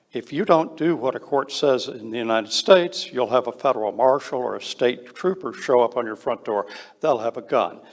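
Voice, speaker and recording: A man on a space law panel speaks bluntly and with emphasis, hesitating often. His voice is medium in pitch and carries a big-room sound.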